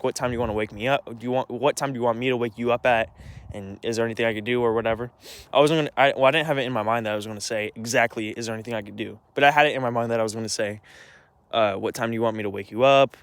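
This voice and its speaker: A man's voice: mid-range voice, steady tone, racing, clean tone. A young man telling a long personal story in a rambling, agitated way, with many restarts and some swearing. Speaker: vlogger. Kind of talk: casual storytelling rant.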